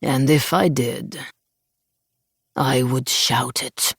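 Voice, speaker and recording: A woman voicing a frail, nearly hundred-year-old writer with a sharp Russian accent, speaking slowly and gravely. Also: rumbling low, no echo, studio quality, exaggerated voice. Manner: slow, measured and grave.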